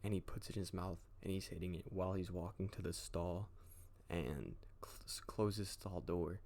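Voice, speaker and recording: A young man with a low, gravelly voice tells a rambling story in casual slang. His talk is loose and profane, the easygoing style of a storytime clip. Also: steady tone, normal speed, darkish tone.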